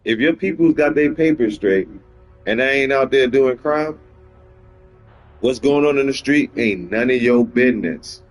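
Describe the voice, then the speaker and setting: A middle-aged man hosting a gaming livestream in casual street slang. He rambles and repeats himself for emphasis, jumping into high-pitched voices when he quotes people. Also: unhurried, soft background music. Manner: rambling and opinionated, slips into animated high-pitched quoting of others.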